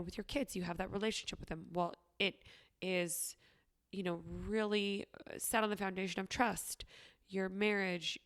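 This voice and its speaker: Woman with a stuffy, nasal cold voice. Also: medium pitch. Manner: upbeat, encouraging, talks straight to listeners. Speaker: podcast host. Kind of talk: solo motivational podcast talk.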